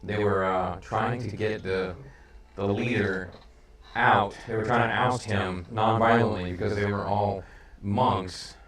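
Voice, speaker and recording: Wry low-voiced player in an echoey room. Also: male voice, fairly even intonation, measured pace, fairly bright tone. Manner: joking, wry asides. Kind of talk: casual tabletop game chat. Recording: echoey room, distant mic.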